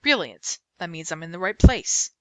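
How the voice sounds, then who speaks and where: A man's voice: a little high, animated, normal speed, pushed and bright, no echo. Woman doing a polite dapper British lawyer. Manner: polite, breezy, confident.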